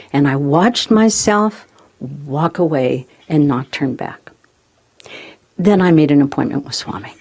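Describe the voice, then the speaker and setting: A woman giving a spiritual talk, telling personal stories in a lively way, often laughing and acting out remembered conversations. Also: sits low, unhurried, husky.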